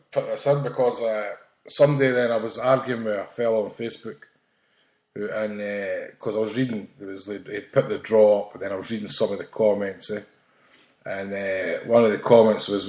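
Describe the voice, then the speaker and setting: A man's voice: on the low side, normal speed. A Scottish man telling a story animatedly in casual podcast chat. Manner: animated anecdote-telling, acts out quotes. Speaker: podcast co-host. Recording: roomy echo.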